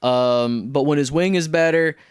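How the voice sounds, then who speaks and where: A man co-hosting a casual movie podcast. His voice is on the high side for a man, smooth and resonant, and it sounds close and dry. He rambles through long plot recaps. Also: measured pace, no echo. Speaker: podcast co-host. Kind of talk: casual movie review chat.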